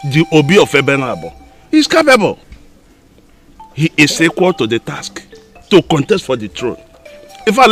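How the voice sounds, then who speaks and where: A man's voice: a little high, fairly bright tone. A man playing an indignant Nigerian chief's envoy. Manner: argumentative, indignant. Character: defiant chief's representative, quick to anger.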